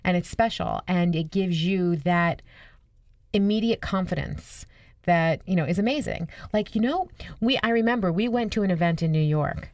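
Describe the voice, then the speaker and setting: Female radio co-host, lowish voice, chatty and eager, dry studio sound. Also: moderate pace, darkish tone, no echo, muffled recording. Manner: enthusiastic, agreeable, chatty. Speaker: radio show co-host, image consultant. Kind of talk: casual radio chat.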